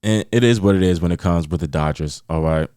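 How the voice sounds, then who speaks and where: A man from New York hosting a podcast, venting about sports in a rambling, animated way with many repeats. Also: sits low, a little fast, clear, resonant tone, no room sound, clean studio sound. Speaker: podcast host. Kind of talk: casual solo podcast chat.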